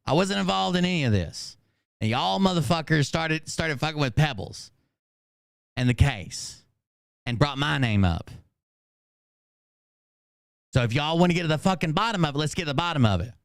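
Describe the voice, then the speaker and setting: A man's voice: on the high side, lively intonation, moderate pace, vocal fry, pauses often, clear, resonant tone, dry recording, clean studio sound. A man hosting a livestream, ranting in an angry, combative way and swearing constantly. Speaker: channel host.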